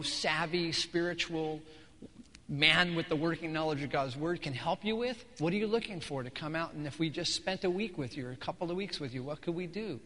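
A man's voice: a little high, fairly bright tone. A man as pastor interviewing missionaries at a church service, conversational and playfully teasing. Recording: long reverb of a large hall.

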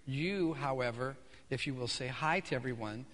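A man's voice: medium pitch, normal speed, a bit bright, a little hiss or hum. A man as pastor interviewing missionaries at a church service, conversational and playfully teasing. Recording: long reverb of a large hall.

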